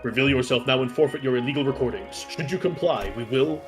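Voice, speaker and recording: A dutiful corporate fixer who speaks in a brisk, official, matter-of-fact way, read by a man. He talks quickly, with clear game music playing behind. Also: medium pitch, close to an everyday voice.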